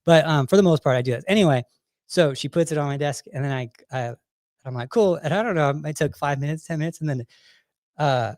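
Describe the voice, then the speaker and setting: A man chats casually on his podcast, racing through a story packed with fillers and restarts. His voice sits a little high. The sound is dry and close. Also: fairly quick, a little mellow, no echo. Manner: rambling, filler-heavy storytelling with many restarts. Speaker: fitness coach and podcast host. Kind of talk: casual chat.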